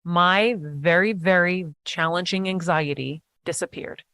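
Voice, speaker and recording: A woman guest in a casual interview chat, talking eagerly in animated bursts with quick restarts. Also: on the low side, no echo.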